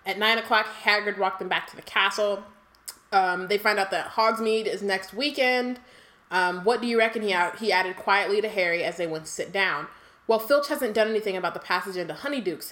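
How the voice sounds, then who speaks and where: A woman co-hosting a casual book podcast, reading passages aloud and riffing on them in an animated way. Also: medium pitch, fairly quick. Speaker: podcast co-host.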